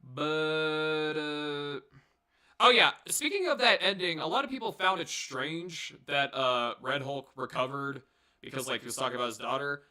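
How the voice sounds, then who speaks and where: Young male reviewer, somewhat high, very bright tone; loose, profane, jokey delivery full of "uh"s. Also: expressive, unhurried. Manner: rambling, profane, jokey, many fillers and restarts. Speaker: movie reviewer. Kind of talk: casual solo review.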